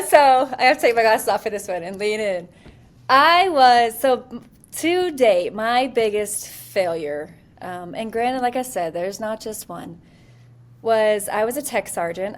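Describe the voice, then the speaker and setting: Animated woman telling a candid story. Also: medium pitch. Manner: animated, self-deprecating, with many fillers. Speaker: interview guest, military leader.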